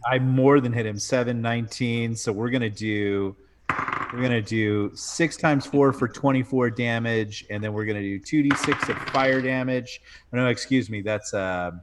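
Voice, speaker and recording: Jogador provocador, homem, tom médio, gravação com chiado. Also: male voice, mid-range voice, fairly even intonation, normal speed, noisy background. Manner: teasing, joking. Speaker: player. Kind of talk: casual tabletop game chat.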